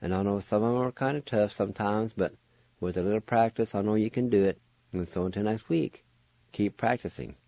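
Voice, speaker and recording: A man's voice: on the low side, fairly quick, warm tone, no echo, muffled recording. A man hosting a radio lesson, spelling and pronouncing words syllable by syllable, repeating each one with care. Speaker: radio host teaching language. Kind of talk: slow instructional spelling and pronunciation.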